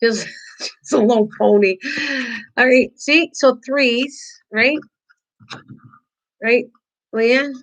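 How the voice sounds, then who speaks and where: Older woman, craft host, chatty and teasing, slightly high voice, live-stream demo. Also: takes it slowly, long pauses, poor audio. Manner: chatty, teasing, answers viewers' chat, laughs often.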